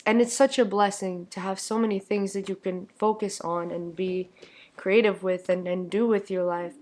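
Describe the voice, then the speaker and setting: Hoarse from laryngitis, a young woman who sings and makes content talks casually into her camera in a lowered, slightly mellow voice. She comes across as earnest and reflective, with light laughs between her thoughts.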